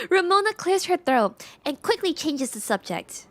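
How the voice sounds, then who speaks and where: A woman's voice: very high voice, big pitch swings, normal speed, hardly any pauses. A young woman streaming a game, chatting casually and reading the story aloud with self-mocking asides.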